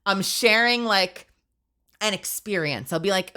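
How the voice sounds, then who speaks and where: A young woman VTuber with a lowish, unhurried voice chats casually on stream, her nose stuffy. She's animated and chatty, rambling along with plenty of "like" fillers.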